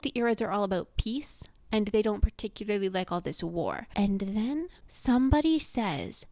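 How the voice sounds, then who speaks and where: A woman's voice: mid-range voice, animated, moderate pace, few pauses, warm tone, dry recording. Woman, sarcastic, profane, casual book recap, dead-dry close mic. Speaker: book vlogger. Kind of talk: casual snarky book summary.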